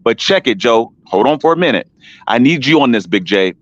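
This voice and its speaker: On a casual live-stream panel show, a man with a medium-pitched voice tells a long story fairly quickly and with lively intonation. He speaks with emphasis, restarts himself and repeats names, and the recording is dry with a dull, lo-fi sound.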